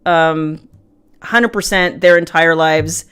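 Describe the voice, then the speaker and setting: A middle-aged woman hosting a casual livestream from her family room, chatting warmly with viewers and greeting them by name between frequent ums. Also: deep voice, slow, clear, resonant tone. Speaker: livestream host.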